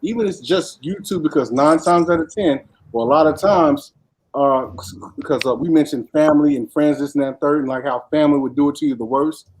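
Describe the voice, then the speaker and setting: Husky-voiced man making blunt points. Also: on the high side, brisk, darkish tone, rough recording. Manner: emphatic, blunt, speeds up when making a point. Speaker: panelist. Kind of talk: lively panel discussion.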